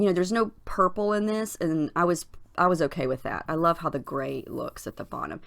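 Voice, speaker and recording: A woman with a scratchy morning voice, casually narrating her craft process in a chatty, unhurried voiceover with plenty of fillers. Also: fairly low pitch. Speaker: crafting channel host. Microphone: voiceover recorded separately from the footage.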